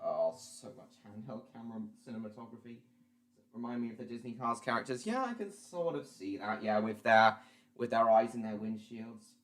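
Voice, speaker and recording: A man giving rambling, self-deprecating live reaction commentary, with halting restarts. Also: medium pitch. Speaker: streamer.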